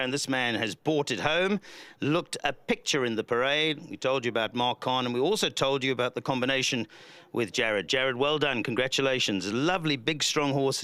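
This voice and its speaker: A man's voice: medium pitch, clean tone, no room sound. A man with a South African accent presenting racing and interviewing a jockey in a chatty way. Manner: chatty, warmly congratulating. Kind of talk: post-race interview.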